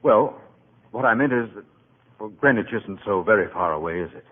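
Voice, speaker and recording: An actor playing a shy young country doctor in a 1940s radio play, hesitant and stammering. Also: male voice, fairly low pitch, lively intonation, moderate pace. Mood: bashful. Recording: tinny old radio broadcast with faint hiss.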